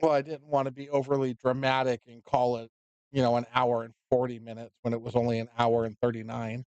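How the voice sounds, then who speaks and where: A man's voice: mid-range voice, little pitch movement, brisk, darkish tone, clean tone, no room sound, lo-fi sound. A man giving casual, dry-humored commentary on a pool match.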